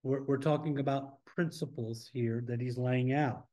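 A man leading a church Bible study in a relaxed, conversational way, asking the class questions as he teaches. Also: medium pitch, normal speed. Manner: informal, asks the class questions.

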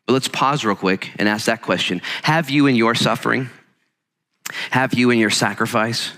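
Male pastor, sermon; bright tone, energetic conversational delivery, acts out quotes. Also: mid-range voice, moderate pace. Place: church sanctuary. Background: congregation present.

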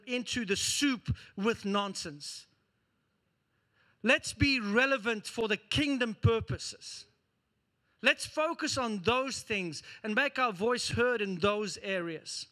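A man preaching a sermon as pastor, telling a story with lively acted-out scenes. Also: sits high. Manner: animated storytelling, acting out scenes.

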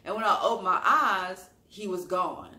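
High-voiced man telling a personal story. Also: moderate pace. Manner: expressive, sassy, calls listeners honey. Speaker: storytime YouTuber. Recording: roomy echo.

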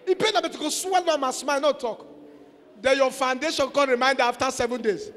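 A man with a Nigerian accent preaching a sermon, exhorting and playful, mixing in Pidgin and bursting into shouts. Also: very high-pitched, brisk. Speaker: pastor. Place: church. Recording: echoey church hall.

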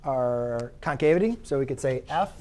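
A man's voice: medium pitch, expressive, normal speed, warm tone. A man teaching a math class in a conversational way. He asks his students questions and corrects his own slips as he goes. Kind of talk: classroom lecture.

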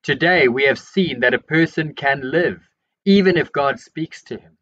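A man reading Bible passages aloud in a measured, steady voice. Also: a little high, lo-fi sound. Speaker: Bible reader. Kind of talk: scripture reading.

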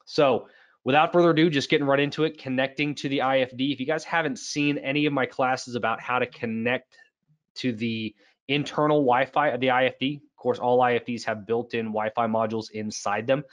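Speaking briskly in a steady, medium-pitched voice, a man runs a casual online product webinar, chatting along with plenty of fillers and false starts. The recording has its highs cut off.

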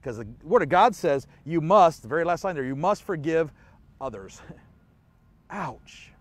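A man preaches a church sermon in a chatty way, often laughing softly and asking his listeners questions. His voice sits a little high and rises and falls a lot. The sound is close and dry. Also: lively intonation, normal speed, no room sound. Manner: conversational, chuckles often, rhetorical questions. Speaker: pastor.

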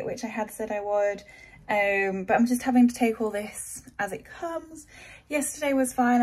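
Recorded on a phone in a small room, with low-quality audio, a woman with a fairly high, slightly mellow voice chats casually to camera for her vlog. She sounds tired and somewhat breathless, and her rambling talk is full of fillers.

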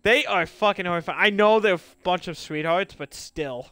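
A young man streaming a game, chatting casually and excitably with many fillers and laughs. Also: high-pitched, normal speed. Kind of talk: casual gaming chat.

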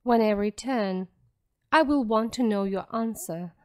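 A woman's voice: a little high, unhurried, dark tone, close to an everyday voice. A woman reading the lines of a stern, cold young clergyman in a storybook, firm and commanding. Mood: cold, insistent.

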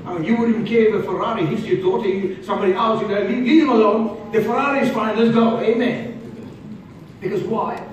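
A man preaching a sermon as pastor, emphatic and shouting at times, then dropping suddenly to quiet. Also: high voice, fast talker, dull audio. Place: large church hall. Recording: echoey hall from far off, faint noise.

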